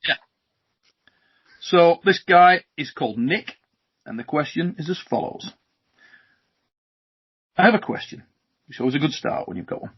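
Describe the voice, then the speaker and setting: A British man hosting a casual podcast, jokey and lively, reading out viewer questions over a video call. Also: fairly high pitch, normal speed, pauses often, husky. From Britain. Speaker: host. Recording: muffled video-call audio.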